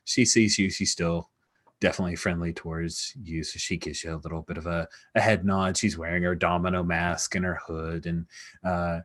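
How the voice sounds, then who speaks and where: A man's voice: low voice, normal speed. A man narrating as game master in a tabletop role-playing game, chatty and loose, with plenty of fillers. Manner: relaxed, chatty, many fillers.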